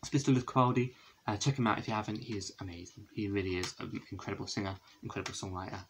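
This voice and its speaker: A man's voice: lowish voice, steady tone, racing, noisy background. A young man chatting casually at home as he shows his CD collection, rambling with many fillers and self-corrections. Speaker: vlogger. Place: indoors, a room at home with a window.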